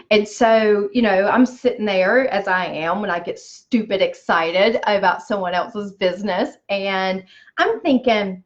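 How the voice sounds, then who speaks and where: A woman in business telling a personal story, with lots of animated quoted dialogue. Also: medium pitch, normal speed, muffled recording. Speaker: business speaker.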